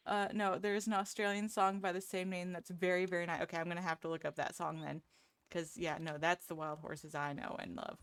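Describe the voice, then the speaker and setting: A woman's voice: on the low side, level tone, a little fast, clear, resonant tone. A woman streamer chatting casually with her viewers, self-deprecating and laughing often. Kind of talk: casual live-stream chat.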